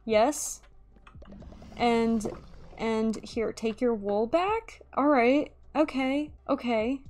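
A woman's voice: fairly high pitch, expressive, drawn-out words. A young woman giving playful, theatrical live gameplay commentary, pleading with other players as she goes. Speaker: gaming YouTuber. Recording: faint keyboard clicking behind. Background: keyboard typing and clicks.

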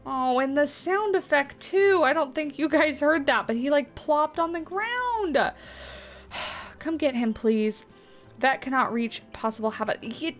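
A woman with a fairly high voice talks through her zoo-building gameplay in a loose, chatty way. She reacts out loud to each surprise in the game. Soft music plays faintly underneath. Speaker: let's play host. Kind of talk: casual gameplay commentary.

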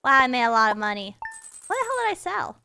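Bubbly high-voiced woman streamer. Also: fast talker, gravelly, a little hiss or hum. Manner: rambling, self-mocking, jumps between mumbling and loud excitement. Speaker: game streamer. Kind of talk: live gameplay stream chatter.

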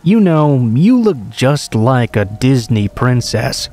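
A man's voice: medium pitch, very animated, takes it slowly, warm tone, faint music behind. A man voicing an erratic middle-aged male stranger who swings between polite and aggressive. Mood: creepy.

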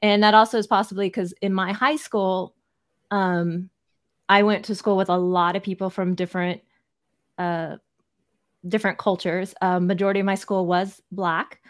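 A woman's voice: mid-range voice, level tone, normal speed. Chatty woman with a mild Texan accent. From Texas. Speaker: co-host. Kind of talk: casual interview.

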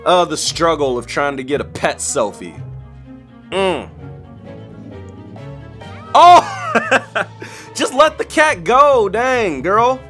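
Male YouTube host, high and animated, cracking jokes and exclaiming through a reaction video. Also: slow, pauses often, soft background music. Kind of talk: reaction commentary.

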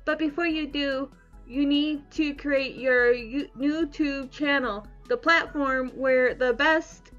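A woman's voice: sits high, steady tone, slow pace, a bit bright, muffled recording, soft background music. A woman doing a beeping robot drone. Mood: robotic. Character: cheerful little robot drone camera assistant. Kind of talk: reading game dialogue aloud.

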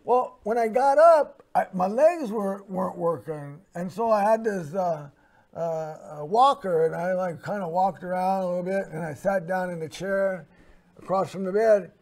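Man, host, high voice, warm dark tone, rambling personal story, many fillers. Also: moderate pace.

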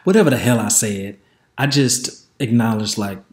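A man's voice: fairly low pitch, normal speed, reverberant. A man hosting a podcast, telling a candid story in a chatty way and speaking straight to his listeners. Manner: frank, chatty, addresses listeners directly. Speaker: podcast host.

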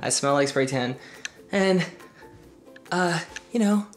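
A man's voice: fairly high pitch, lively intonation, takes it slowly, soft background music. A young man vlogging casually to a handheld phone camera at home, playful and chatty. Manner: playful, chatty, laughs often. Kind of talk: casual vlog talk to camera. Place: indoors at home. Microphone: phone camera held by hand.

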